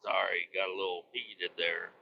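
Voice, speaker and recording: A man's voice: low-pitched, fairly even intonation, moderate pace, creaky, lo-fi sound, slight background noise. A man, a truck driver hosting his own podcast, ranting casually and profanely about his day. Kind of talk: casual rambling monologue.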